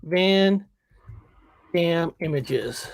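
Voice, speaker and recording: A man's voice: fairly high pitch, animated, drawn-out words. A man in casual chat as a podcast co-host, stammering and prodding with questions.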